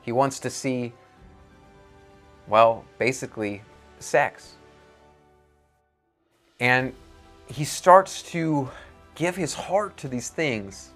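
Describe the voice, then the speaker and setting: A man's voice: mid-range voice, very slow, long pauses, fairly bright tone, faint music behind. A man preaching, telling a moral parable in an earnest storytelling manner.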